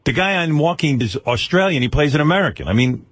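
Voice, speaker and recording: Teasing radio host, lively dry voice. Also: male voice, on the high side, no room sound. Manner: teasing, animated and quick to laugh. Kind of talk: joking studio banter.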